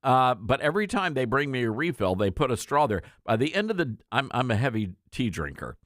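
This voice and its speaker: Male radio host, rambling and chatty, lively pitch, dry close studio sound. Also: no echo. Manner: rambling, chatty, halting with many fillers. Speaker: radio talk show host. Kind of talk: casual radio talk.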